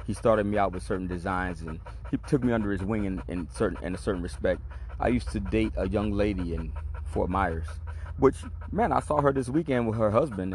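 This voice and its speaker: Deep-voiced guy on his podcast telling a story, laid back, swears a lot, faint noise behind. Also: darkish tone. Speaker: podcast host. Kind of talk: casual storytelling monologue.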